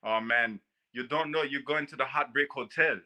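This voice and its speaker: A man voicing a tall male inmate who gives low, doom-laden warnings. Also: moderate pace, sharp tone. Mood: ominous. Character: tall male African inmate, gloomy and knowing.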